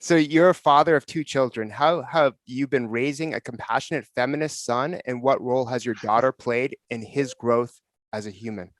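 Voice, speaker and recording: Man asking measured interview questions. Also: mid-range voice, dry recording. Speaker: podcast host.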